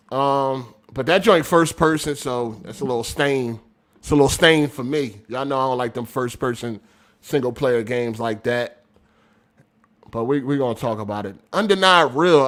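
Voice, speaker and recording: A man hosting a casual gaming podcast livestream, reading viewer messages aloud, talking loud and animated, laughing often, in street slang. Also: medium pitch. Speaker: podcast host reading super chats.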